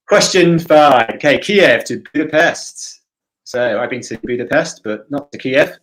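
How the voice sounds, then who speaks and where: A man hosting an online church quiz, going through the answers in a relaxed, chatty way with small hesitations. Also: medium pitch, takes it slowly, low-quality recording. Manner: easygoing, chatty, slightly hesitant. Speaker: quiz host. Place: home, livestream for a church quiz.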